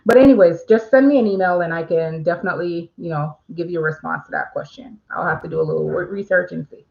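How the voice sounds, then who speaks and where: A woman's voice: on the low side, quick pace, creaky, a little mellow, muffled recording. A woman hosting a casual livestream, chatting with viewers and reading their questions aloud, with frequent fillers. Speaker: livestream host.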